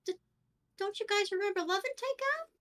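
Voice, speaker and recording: An earnest young man, played by a woman, pleads in a high, hopeful voice. He stumbles over his words as he tries to keep his friends around. The voice sits well above a typical man's. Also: fairly quick, a bit bright. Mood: pleading.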